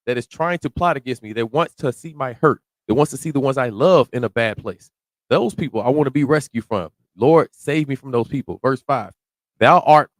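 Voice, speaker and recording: A man's voice: mid-range voice, dry recording. Dry-miked man preaching verse by verse. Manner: reads scripture slowly then riffs in casual slang, rising to shouts. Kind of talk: verse-by-verse sermon.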